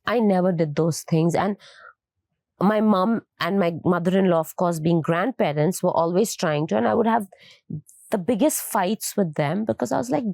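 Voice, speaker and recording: A middle-aged woman from India speaks as a podcast guest in a mid-pitched voice. She tells stories in an animated way, acting out the dialogue herself. The recording is close and dry. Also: normal speed, vocal fry, dry recording. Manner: animated storytelling, acts out dialogue. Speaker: fitness trainer, guest. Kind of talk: casual interview talk.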